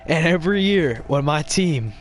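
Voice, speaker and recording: A young man hosting a casual hockey live stream, chatting to viewers in a quick, rambling way while playing a video game. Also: fairly high pitch, expressive. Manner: rambling, quick, with fillers and restarts. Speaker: podcast host live streaming.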